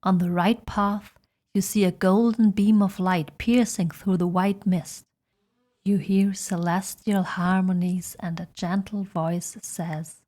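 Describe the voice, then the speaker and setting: A woman's voice: lowish voice, fairly even intonation, slow pace, a little mellow. Woman narrating a scripted explainer.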